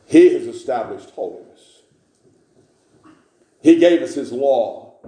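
A man's voice: medium pitch, animated, takes it slowly, warm tone. A man preaching a sermon, reading scripture aloud and repeating key phrases with emphasis. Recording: echoey room.

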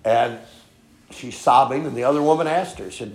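A man preaching a sermon in a folksy storytelling way, peppering his points with "okay?" and swinging from soft asides to loud emphatic lines. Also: medium pitch, normal speed. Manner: folksy storytelling, frequent "okay?" tag questions. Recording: echoey room.

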